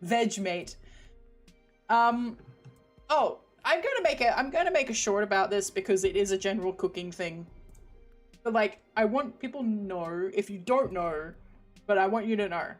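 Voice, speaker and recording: A young British woman chats casually on a stream, rambling and giggling before trailing off into mumbles. Her voice sits in the mid-range at a normal speed, with faint music playing in the background.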